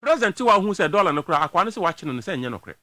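A man's voice: high-pitched, very animated, very fast, sharp tone, no room sound, clean studio sound. A man with a Ghanaian accent giving emphatic political commentary on a talk show, switching between a local language and English.

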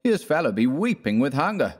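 A man's voice: medium pitch, sing-song, fairly quick, pitched above the performer's own voice. A man voicing a hearty, teasing young male artist with a raised, bantering delivery.

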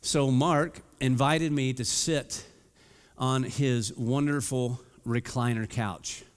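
A male pastor giving a playful storytelling sermon at a medium pitch. He acts out quotes with big swings in his voice, and a long church reverb trails after each phrase. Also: fairly even intonation, takes it slowly. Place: church sanctuary.

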